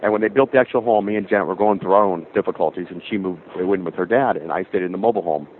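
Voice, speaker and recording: A man calling in to a radio show who rambles through his story in an animated way. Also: sits low, very fast. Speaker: caller. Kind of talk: call-in storytelling. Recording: phone line with faint hiss.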